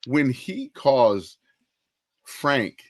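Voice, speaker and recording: A man's voice: medium pitch, very animated, drawn-out words, dry recording. A man co-hosting a casual podcast chat, earnestly recounting scenes and dialogue at length. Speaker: podcast co-host.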